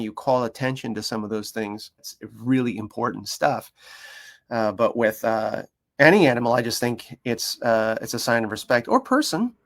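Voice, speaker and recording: In casual conversation, a dog behaviour consultant passionately tells stories, jumping sharply in pitch to act out the humans and animals involved. His delivery is animated and emphatic throughout.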